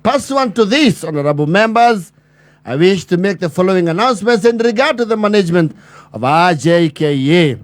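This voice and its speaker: In a high register with lively intonation, a man lampoons a pompous chairman's formal address, leaning on officialese and lingering pauses. The recording is dry, with no room sound.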